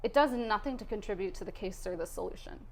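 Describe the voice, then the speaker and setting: A woman's voice: mid-range voice, fast. Candid woman retelling a cath lab story. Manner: emotional, candid, animated storytelling. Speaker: guest, cath lab nurse. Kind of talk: casual interview storytelling.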